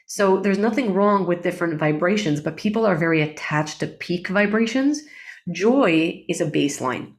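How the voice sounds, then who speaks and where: A woman guest in an interview, a breathwork facilitator explaining things in a calm, unhurried way. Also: on the low side. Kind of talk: interview conversation.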